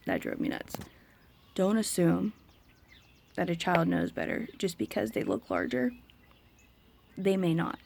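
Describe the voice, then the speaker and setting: A woman's voice: mid-range voice, gravelly, a little hiss or hum. Frank, fed-up woman vlogger. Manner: frank, exasperated, ranting. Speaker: vlogger, autism parent. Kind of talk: casual talk to camera.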